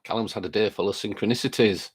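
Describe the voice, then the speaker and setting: A man's voice: on the low side, fast, slightly rough. A man hosting a live stream, chatting casually and greeting viewers by name while reading their comments aloud, with a lingering chest cold.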